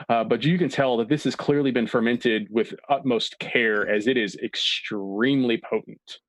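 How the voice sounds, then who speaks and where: A man's voice: medium pitch, no echo. Dry-voiced male game master narrating. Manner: descriptive and relaxed, with filler words. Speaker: dungeon master.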